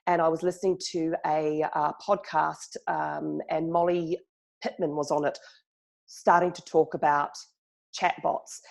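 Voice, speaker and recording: A woman from New Zealand with a New Zealand accent, a marketing speaker talking fast and laughing often as a podcast guest. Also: deep voice, level tone, vocal fry. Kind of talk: casual podcast interview.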